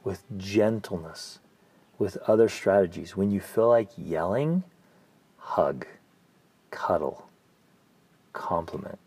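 Brief: earnest male podcast host and coach, low, husky gravel in the voice, shifts down to hushed emphasis. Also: lively intonation, takes it slowly, pauses often, no room sound. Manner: earnest, storytelling, drops to soft near-whispered emphasis. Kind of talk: casual podcast chat.

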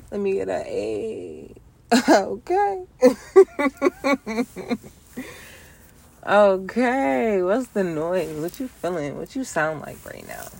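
A woman hosting her own solo podcast, talking to the listener in a relaxed, reflective way with playful asides and frequent laughter. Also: low-pitched, creaky, husky. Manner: playful, laughs often, talks to listener directly; casual speech with repeated phrases. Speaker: podcast host.

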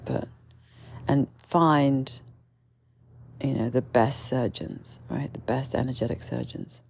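Woman in her own voice, low and gravelly, unscripted and meandering monologue. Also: fairly even intonation, slow, darkish tone. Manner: candid, meandering, with many fillers and restarts; mimics others with sudden shrill outbursts. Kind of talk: casual storytelling monologue.

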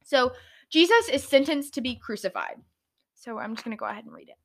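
Young woman, bright slightly high voice, reads the bible then rambles casually with lots of likes. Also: lively intonation, fairly quick. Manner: chatty, filler-heavy, stumbles over words. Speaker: Bible study host. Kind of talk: casual Bible reading and reflection.

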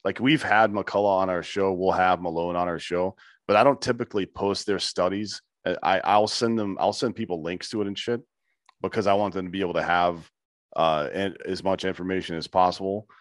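A man from the United States speaks as a guest in an interview, blunt and emphatic, with casual swearing. His voice is very low. The recording is dry and close. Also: steady tone, fairly quick, dry recording. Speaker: podcast guest. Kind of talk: conversational interview.

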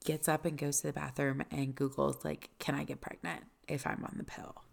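A woman's voice: deep voice, flat delivery, fairly quick, gravelly. A woman co-hosting a book podcast, recapping the plot with a wry, sarcastic edge. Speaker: podcast co-host. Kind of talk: casual book podcast chat.

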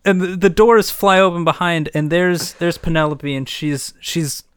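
Smooth-voiced man narrating an improvised movie. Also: a little high, normal speed, dry recording, studio quality. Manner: narrates scenes like a film, laughing easily. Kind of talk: improvised comedy storytelling.

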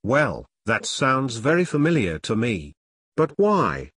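A man voicing a timid, nervous male demon underling with a squeaky voice who stammers. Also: huge pitch swings, slow, fairly bright tone, slightly rough, dry recording, clean studio sound, full character voice.

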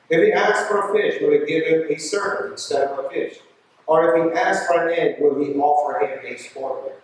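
Emphatic preacher in an echoey church. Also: male voice, high voice, distant mic, a little hiss or hum. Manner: emphatic, repeats lines, checks in with the congregation. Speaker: bishop preaching a homily. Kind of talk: sermon.

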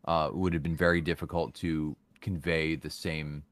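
Very deep man, dry close sound. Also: little pitch movement, moderate pace, fairly bright tone, dry recording. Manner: filler-heavy, many restarts. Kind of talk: casual chat.

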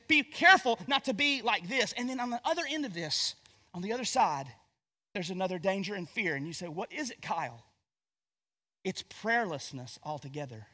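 A man's voice: very high voice, sharp tone, big-room sound. A pastor from North Carolina with a Southern accent, preaching a sermon in a conversational, joking way, often restarting his sentences. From Gastonia, North Carolina. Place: church sanctuary.

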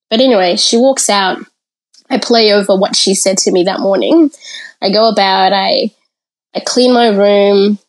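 Candid woman from Africa sharing her story. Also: medium pitch. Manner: candid and reflective, pausing to gather thoughts. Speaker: podcast guest. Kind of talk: personal storytelling in an interview.

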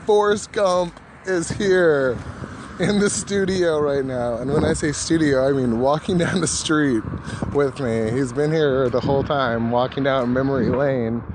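A man's voice: mid-range voice, unhurried. A man hosting a solo podcast while walking down a street, rambling and laughing at his own jokes. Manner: rambling, self-amused, full of fillers. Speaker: podcast host. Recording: loud street noise outdoors.

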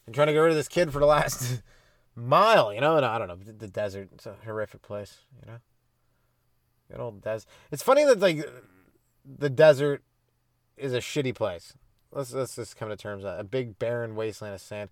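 A man's voice: mid-range voice, expressive, fairly quick, a bit bright, no room sound, clean studio sound. A young man hosting a comedy podcast, riffing loosely through a profane, self-mocking monologue. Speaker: stand-up comedian, podcast host.

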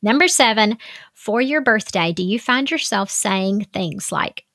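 A woman's voice: medium pitch, expressive, a little slow, fairly bright tone, dry recording. Woman, life coach, casual advice talk, chatty with lots of fillers, close dry sound.

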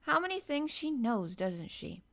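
A woman's voice: fairly high pitch, big pitch swings, a little slow, a bit bright, pitched above the performer's own voice, heavily acted. A woman voicing a lonely, earnest little girl who speaks in a wondering way.

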